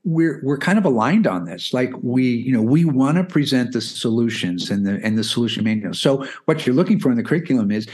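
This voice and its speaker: A man's voice: medium pitch, lively intonation, a little fast, few pauses, darkish tone. Man, forties, podcast interview guest, casual explaining, chatty filler tags. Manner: chatty, explanatory, many "you know" and "right?" tags. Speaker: guest, math curriculum founder.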